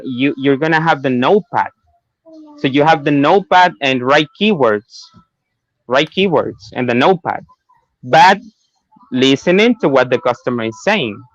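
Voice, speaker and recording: A man's voice: on the high side, a bit bright, no room sound, highs cut off. A man who works in a call center, speaking as an interview guest and hesitating as he searches for his words. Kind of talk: casual interview advice.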